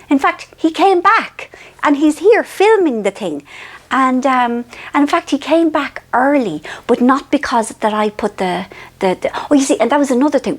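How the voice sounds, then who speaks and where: A middle-aged Irish woman telling a rambling, self-mocking story in a casual monologue. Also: sits high. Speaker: author and vlogger.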